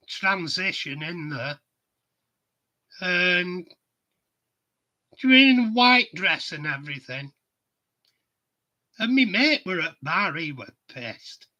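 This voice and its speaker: A man's voice: sits high, animated, takes it slowly, long pauses, bright, forceful tone. A middle-aged man, hosting a casual chat stream and telling anecdotes that he laughs at. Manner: chatty storyteller, laughs at his own anecdotes. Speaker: livestream host.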